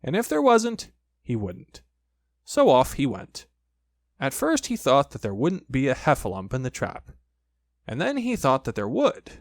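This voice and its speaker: A man reading a children's storybook aloud, with lively, expressive storytelling. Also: mid-range voice, measured pace, dry recording, studio quality. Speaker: audiobook narrator.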